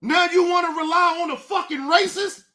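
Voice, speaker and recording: This is a woman hosting a livestream rant, her voice high and bright. She speaks angrily, swears constantly, and often rises to a shout. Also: moderate pace. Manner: angry, profane, often shouting. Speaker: streamer, show host.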